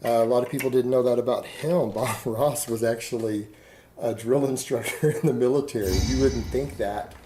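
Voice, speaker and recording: Defiant rambling man, dark voice. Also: mid-range voice, fairly even intonation, normal speed, a little hiss or hum, rough recording. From Texas. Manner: defiant, rambling, rhetorical questions. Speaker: online video creator. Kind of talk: casual monologue to camera.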